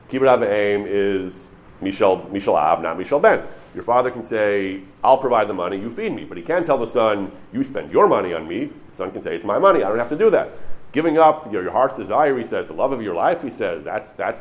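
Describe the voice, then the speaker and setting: A man teaching a Torah class, explaining legal sources earnestly and with enthusiasm, often restarting and repeating words as he thinks. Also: lowish voice. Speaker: Torah lecturer. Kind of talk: online Torah class lecture.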